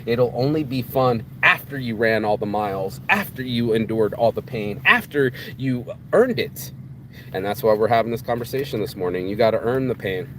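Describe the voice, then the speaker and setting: A man delivers a blunt, profane pep talk outdoors, preaching and repeating his points for emphasis. His voice sits at a mid pitch. Faint traffic hums behind him. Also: lively intonation, moderate pace. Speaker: motivational vlogger. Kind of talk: casual motivational monologue.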